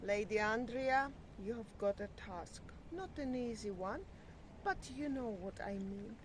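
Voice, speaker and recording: A woman's voice: mid-range voice, unhurried. A woman co-hosting a casual outdoor vlog at a seaside harbour, speaking playfully and teasing. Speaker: vlog co-host. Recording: outdoor noise in the background.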